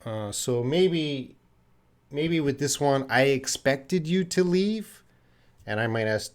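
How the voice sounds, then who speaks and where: A man from Canada teaching English on a live stream, answering viewers' chat questions patiently and slowly with many pauses. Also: mid-range voice, lively intonation, clear, resonant tone. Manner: slow, patient, repeats student names and pauses with uh; drinks tea while talking to the camera.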